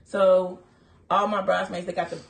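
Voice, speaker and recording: A young woman telling a story to viewers, animated, quoting herself and saying "like" often. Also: lowish voice, normal speed, creaky. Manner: animated, quotes herself, frequent "like". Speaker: co-host of a couple's channel.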